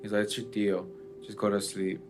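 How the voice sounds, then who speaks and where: A man's voice: lowish voice, level tone, a little fast, over music. A man in casual chat, telling a story with lots of fillers and restarts. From Mexican family background. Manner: rambling, many fillers.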